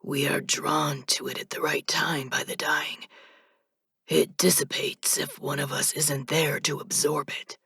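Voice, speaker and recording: A woman voicing a quiet, guarded young male death spirit who speaks in a hushed, mostly emotionless way in a storybook reading. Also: low voice, level tone, a little slow, vocal fry, slightly rough, no room sound, exaggerated voice.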